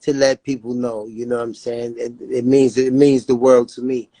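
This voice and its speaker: A man's voice: medium pitch, level tone, normal speed, warm tone, no echo. A man talking as an interview guest about his jailed son, earnest and repetitive, often saying "you know what I'm saying". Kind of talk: emotional interview talk.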